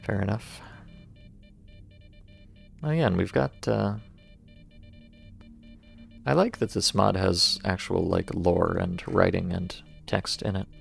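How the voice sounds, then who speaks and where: A man's voice: low-pitched, slow pace, vocal fry, pauses often, faint music behind. An American man streaming a video game, commenting with dry, sarcastic asides and reading in-game text aloud.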